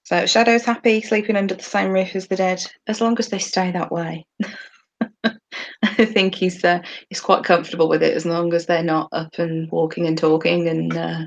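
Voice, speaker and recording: A chatty woman in a relaxed podcast conversation about a TV show, her voice sitting a little low. She laughs easily and keeps up an easygoing, informal flow. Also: normal speed, vocal fry. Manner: chatty, laughs often while talking. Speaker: podcast co-host. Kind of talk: casual chat about a TV episode.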